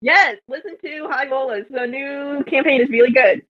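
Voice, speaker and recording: A woman's voice: high-pitched, moderate pace, no room sound, highs cut off. A woman player chatting eagerly between game sessions over an online call. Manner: chatty, enthusiastic about podcasts. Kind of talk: casual chat between players.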